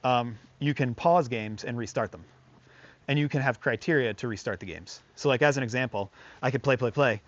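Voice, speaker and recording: Male dog trainer, casual and chatty, fillers everywhere, mid pitch, muffled lo-fi recording. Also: brisk. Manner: chatty, filler-heavy, talks to the dog in bursts of praise and commands. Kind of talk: casual hands-on lesson.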